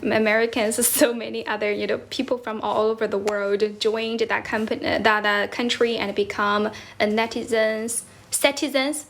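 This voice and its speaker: With a voice on the high side and a touch of brightness, this young woman from China runs a casual English-teaching livestream. She answers comments, laughs a lot, and fixes her own words while alternating English and Mandarin, all in a Chinese accent.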